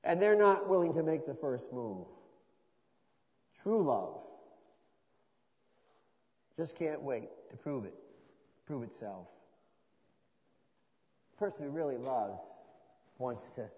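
Male pastor, mid-pitched and mellow, moving from quiet intimacy to loud drawn-out emphasis; church-hall reverb. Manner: swings from soft and low to loud, drawn-out emphasis. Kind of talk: sermon. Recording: long reverb of a large hall.

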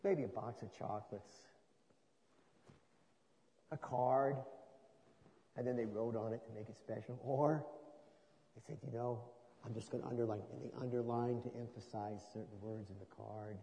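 A man preaching a sermon, dropping to a soft low voice and then rising to loud, drawn-out emphasis. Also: steady tone. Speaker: pastor. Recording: long reverb of a large hall.

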